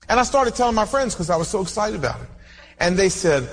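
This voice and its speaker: A preacher with a high voice delivers an animated sermon, acting out the people in his stories. His voice rings with the long reverb of a large church hall. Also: fairly quick. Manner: animated storytelling, acts out dialogue. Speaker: pastor.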